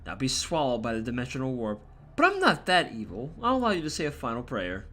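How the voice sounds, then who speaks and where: A man's voice: medium pitch, huge pitch swings, quick pace, pushed and bright, heavily acted. A man voicing a cold, gloating male villain mage in a game, lecturing with contempt. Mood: mocking.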